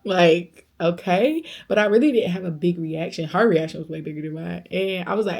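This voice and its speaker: A young woman tells a personal story straight to camera in a relaxed, chatty vlog. Her voice sits a little low, with a gravelly fry, and she slips into other people's voices as she tells it. The talk is warm with faith and easygoing in rhythm. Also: brisk. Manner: animated storyteller, acts out quoted voices; faith-filled, speaks of God, conversational. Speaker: vlogger. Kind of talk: storytime vlog, casual chat.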